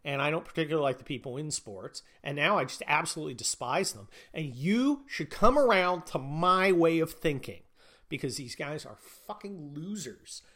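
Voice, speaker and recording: A man's voice: fairly high pitch, expressive, normal speed, a bit bright. A man hosting a podcast, ranting about politics in a profane, sneering, mocking way. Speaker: podcast host.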